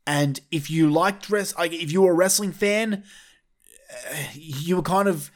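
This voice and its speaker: A man's voice: fairly high pitch, a little slow. A man ranting bluntly and with heavy profanity as he gives his opinions in a vlog. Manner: blunt, heavily profane, fired up. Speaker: wrestling commentator vlogger. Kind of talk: opinionated rant.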